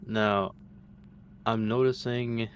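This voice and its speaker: A man running a game training session over voice chat, explaining tactics in a measured way. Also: on the low side, fairly even intonation, dull audio, slight background noise. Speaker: training organizer giving instructions. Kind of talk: casual voice chat during a game.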